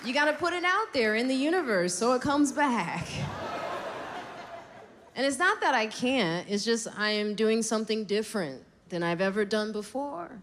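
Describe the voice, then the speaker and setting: A woman doing a stand-up set in a comedy club, telling stories brashly and animatedly with big jumps in pitch. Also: lively intonation, normal speed. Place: comedy club stage with laughing audience. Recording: loud crowd laughter and noise.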